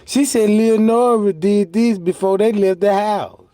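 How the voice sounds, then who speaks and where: A man delivers mocking live commentary, slangy and full of laughter, unhurried, in a voice that sits high for a man. He drops into silly put-on voices for jokes. The sound is close and dry. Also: dark tone, no echo. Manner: slips into mock voices for jokes. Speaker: commentary streamer.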